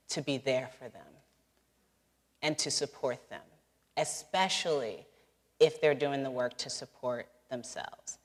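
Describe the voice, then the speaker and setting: A woman author answering audience questions at a live talk, earnest and quick to laugh, in a large hall. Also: a bass voice. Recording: long hall reverb.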